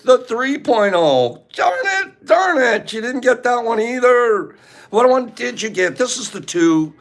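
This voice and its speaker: A man hosting a playful live-stream giveaway, calling out names loudly in a singsong way. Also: very high-pitched, lively intonation, a little slow.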